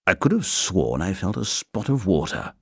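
A man's voice: sits low, sing-song, normal speed, creaky, a bit bright, slightly rough, dry recording, clean studio sound, full character voice. A man doing a puzzled middle-aged father. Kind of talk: storybook reading.

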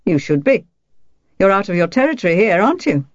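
A woman's voice: mid-range voice, sing-song, fairly quick, no room sound, highs cut off, pitched above the performer's own voice. A woman voicing a sly, malicious old village woman who teases lazily. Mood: mocking. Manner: malicious, lazy teasing.

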